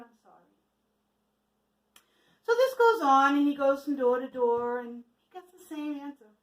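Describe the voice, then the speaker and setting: A woman tells a folk tale to a church audience, cooking along as she goes and asking listeners questions. Her voice is high and very animated. The sound is roomy and heard from some distance. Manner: lively, asks the listeners questions. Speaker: storyteller for a church children's message. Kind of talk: casual storytelling with a cooking demo. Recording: echoey room from a distance.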